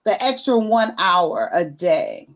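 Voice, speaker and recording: A woman's voice: lowish voice, big pitch swings, slow, poor audio. A woman hosting a casual group livestream chat, playful and teasing, laughing often. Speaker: livestream host.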